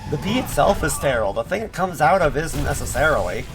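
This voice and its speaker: A man's voice: a little high, big pitch swings, fast. A man streaming gameplay, chatting in a sarcastic, joking way with rambling asides. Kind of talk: live gameplay commentary. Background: game music.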